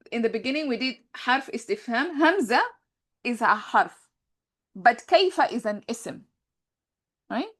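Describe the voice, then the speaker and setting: Female grammar teacher, slightly high voice, explanatory classroom delivery with frequent self-corrections. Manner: repeats points, often corrects herself mid-sentence.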